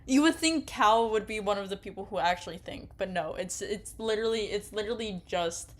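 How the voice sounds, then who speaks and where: A young woman reading an interactive story game aloud and reacting to it excitably, often yelling and laughing. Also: medium pitch, a little fast. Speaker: game streamer.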